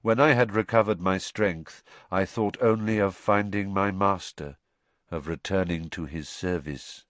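A dazed young man, as a male narrator puts him on, speaking in a flat, expressionless monotone. The voice sits low and hollow, recorded dry and close. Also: measured pace, no room sound.

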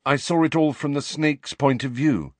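Guy doing a panicky teen boy wizard, higher and louder than his narration, really insistent. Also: moderate pace, no echo, close to an everyday voice. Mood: urgent. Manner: urgent, emphatic, pleading. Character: anxious teenage boy wizard, urgent and defiant.

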